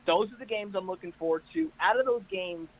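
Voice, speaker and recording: High-voiced, hyped-up man on a call. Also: a little fast, phone-quality sound. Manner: energetic, hyped-up storyteller. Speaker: caller guest. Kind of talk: casual chat on a video call. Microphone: internet call.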